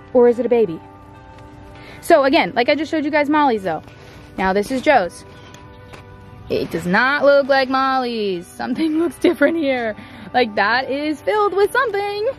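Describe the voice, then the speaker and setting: A chatty young woman talks to camera outdoors on her farm. Her voice sits notably high, and she rambles with plenty of "like" and "I don't know", turning now and then to address her animals. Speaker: farm vlogger. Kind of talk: casual vlog chat to camera.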